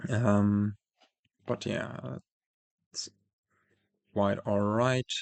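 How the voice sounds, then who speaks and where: Casual commentary on a card game comes from a man who is losing his voice, talking through his moves with lots of fillers and self-corrections. His lowish voice is creaky and darkish, with drawn-out words and fairly even intonation, recorded without echo.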